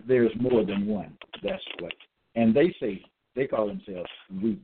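A man delivers a religious monologue at a middling pitch, reading scripture aloud and hammering home each point. He repeats himself emphatically and slows down on the words he stresses. The sound is thin and tinny, as if over a phone line. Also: sing-song, vocal fry, slightly rough.

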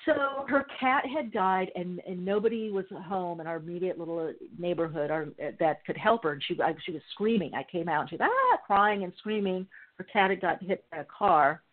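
A woman's voice: on the low side, normal speed. Woman radio host on a phone-like line. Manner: animated storytelling, acts out quoted voices. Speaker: radio show host, mystic healer. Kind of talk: call-in radio talk. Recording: narrow phone-like sound.

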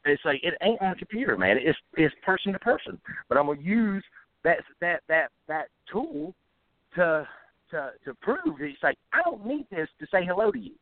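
This phone interview features a musician guest whose high voice swings widely in pitch at a moderate pace. Speaking in a rural American Southern-style drawl, he rants bluntly and profanely, fired up, with many stumbles and restarts. The tinny phone audio is dry, with no echo.

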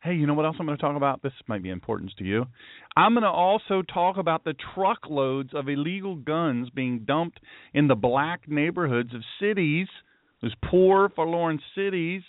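Dry and phone-like with no room sound, this solo talk-radio monologue comes from an East Coast American pastor hosting his own show. He speaks at a moderate pace in a fairly high, lively voice, joking sarcastically and drifting into mock-serious asides despite a tired, sore throat.

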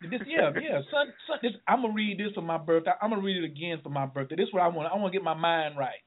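A man hosting a call-in radio show, excitable and preachy, often laughing and shouting. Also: high-pitched, fast talker. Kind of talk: lively call-in radio talk. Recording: tinny phone line.

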